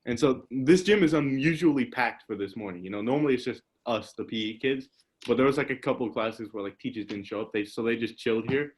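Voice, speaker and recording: A young man hosts a casual podcast over a video call, speaking fast in a medium-pitched voice. He rambles through stories, laughs often, and says "like" a lot.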